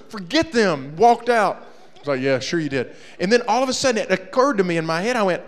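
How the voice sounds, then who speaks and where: A man telling a comedic story to a young audience, acting out his friends' voices and shouting the punchlines. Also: on the high side, expressive, fairly quick, long reverb tail.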